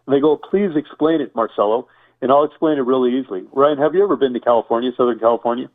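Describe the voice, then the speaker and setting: A man talks as a guest in an interview, explaining step by step and piling up lists and rhetorical questions. His voice sits at a middle pitch and comes through a narrow, tinny line like a phone call. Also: very fast. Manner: enumerating, repetitive, rhetorical questions. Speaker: survival expert guest.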